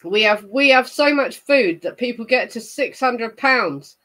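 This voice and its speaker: A woman's voice: on the high side, lively intonation, a little slow, pushed and bright, no echo, low-quality recording. A woman hosting a casual livestream chat, tipsy and ranting with rambling, heavy swearing. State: tipsy from gin. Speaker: host of a true crime livestream.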